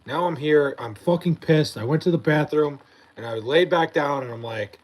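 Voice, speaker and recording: A man's voice: on the high side, lively intonation, fairly quick, rough recording. Young guy, worn out and irritated, casual rambling livestream talk with plenty of swearing; faint hiss behind. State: tired, just woken up. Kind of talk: late-night casual livestream rant. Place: bedroom at night.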